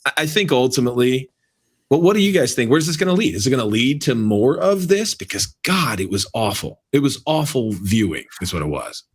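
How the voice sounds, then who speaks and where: A man's voice: medium pitch, sing-song, a little fast, breathy edge. A man co-hosting a casual sports podcast, emphatic and repeating his points for effect. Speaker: podcast co-host.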